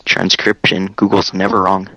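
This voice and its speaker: A man's voice: deep voice, completely flat delivery, moderate pace, a bit bright, dry recording. A man in a casual online chat, joking and self-mocking, on a noisy phone mic.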